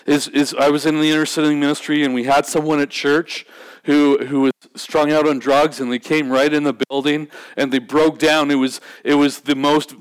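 A man delivers a sermon in a slightly higher voice. His delivery is conversational and loose, and he often repeats words and starts sentences over. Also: level tone, normal speed, clear, resonant tone. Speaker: pastor.

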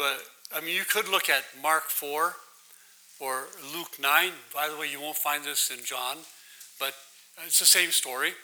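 A man's voice: a little high, bright, forceful tone, rough recording. A man leading a Bible study, preaching in a conversational way that keeps asking the listeners questions and checking in with "right?". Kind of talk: interactive sermon with questions to the audience.

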